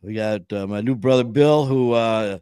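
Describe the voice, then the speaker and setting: A man's voice: fairly low pitch, moderate pace, dark tone, clean tone, no echo, studio quality. A man in his fifties telling stories in a casual, rambling way, acting out quoted voices and often restarting his sentences. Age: 50s. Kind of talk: casual storytelling chat.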